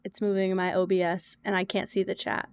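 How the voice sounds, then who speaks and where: A woman's voice: medium pitch, little pitch movement, fairly quick, clean tone, no echo. A woman game streamer chatting casually with viewers, exasperated, swearing and laughing at her own troubles. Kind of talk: casual live-stream chat.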